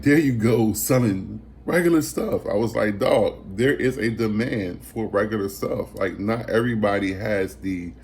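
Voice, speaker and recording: Lowish-voiced man telling a casual story. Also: a little hiss or hum. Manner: animated storyteller, acts out quoted voices, many fillers and restarts. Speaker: thrift reseller and vlogger.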